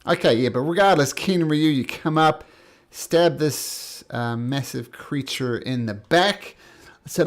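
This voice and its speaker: A man's voice: on the high side, measured pace. A man running a tabletop game as game master, narrating with an upbeat, laughing manner.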